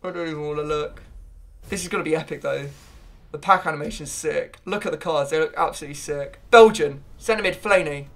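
A young man, giving excitable pack-opening commentary on a video game, breaking into loud shouts and laughter. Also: fairly high pitch, a little fast. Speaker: gaming video creator.

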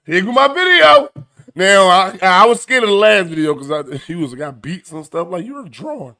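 A man hosting a comedic news commentary show, animated, profane and mocking as he reacts to clips. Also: high-pitched, moderate pace.

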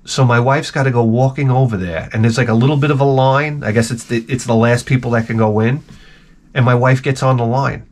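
Man, vlog host, rambling rant, swearing, loud bursts then muttered asides, restarts mid-sentence. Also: mid-range voice, fairly even intonation, brisk. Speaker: video host. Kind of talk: rambling comic rant to camera.

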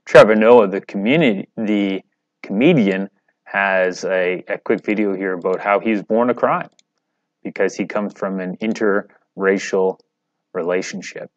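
A male teacher lectures over slides in a loose, conversational way and keeps asking the class questions. His voice sits low. The sound is muffled and dull, and dry, with no room echo. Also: unhurried.

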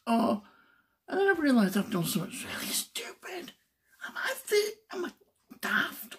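A man chats away in a loose, rambling monologue. His voice swings up and down with animated pitch. He keeps exclaiming and poking fun at himself. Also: moderate pace, gravelly. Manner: exclamatory, self-mocking, chatty dialect talk. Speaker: vlogger. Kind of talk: casual rambling monologue to camera.

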